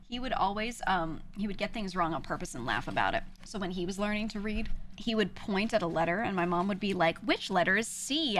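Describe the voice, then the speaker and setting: A woman's voice: mid-range voice, a little hiss or hum. Chatty woman streamer telling stories. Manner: animated storytelling, laughs often; chatty, many "like" fillers. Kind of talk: casual chat.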